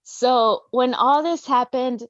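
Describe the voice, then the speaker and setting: A woman sharing a personal story in a casual online talk, earnest and animated, acting out what she and others said. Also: high-pitched, slow pace, no room sound, highs cut off. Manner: earnest, animated, acts out her own quotes. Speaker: guest. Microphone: video call.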